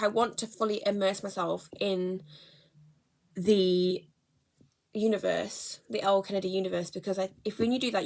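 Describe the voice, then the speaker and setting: A young woman, chatting casually in a book vlog, rambling and correcting herself as she goes. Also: medium pitch. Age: young adult. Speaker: book vlogger. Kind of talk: casual chat.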